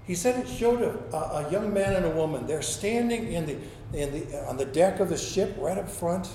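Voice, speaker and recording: A man's voice: high voice, lively intonation, moderate pace, warm tone, a little hiss or hum. A man preaching a sermon as a pastor, telling stories and acting out quoted speech, often repeating words as he goes. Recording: echoey room sound.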